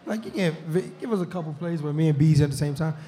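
A young man chats as a football player guest at a live show in a restaurant. His voice is warm and mellow and sits a little high. He talks loosely, laughs often and keeps saying "you know what I'm saying.". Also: fast talker. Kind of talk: casual live-show chat.

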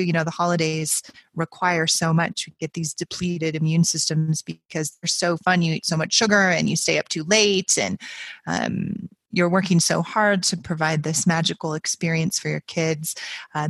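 A woman chats easily about a poem, her voice sitting low. She talks in a relaxed, unscripted way, and the recording is close and dry. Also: dry recording. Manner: chatty and warm-hearted, with frequent ums and uhs. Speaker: podcast host. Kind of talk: casual poetry commentary.

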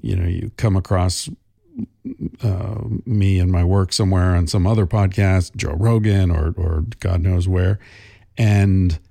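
A man's voice: deep voice, steady tone, measured pace, gravelly, mellow, dry recording, clean studio sound. A middle-aged man hosting a podcast, talking casually in a thoughtful, rambling way with many fillers and restarts. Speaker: podcast host. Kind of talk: casual monologue.

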